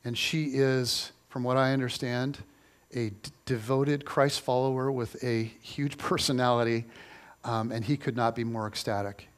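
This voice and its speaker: A middle-aged male pastor preaching a sermon, telling stories with lively repetition for emphasis. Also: medium pitch, normal speed, smooth. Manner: animated storytelling, repeats phrases for emphasis.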